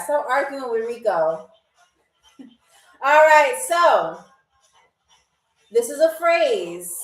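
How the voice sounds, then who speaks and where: Woman, high voice, unhurried pace, playful game show host, teasing chat viewers, echoey room. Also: big pitch swings, recorded from a distance. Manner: playful, teasing viewers, slowly repeating words. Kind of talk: live-stream game show hosting.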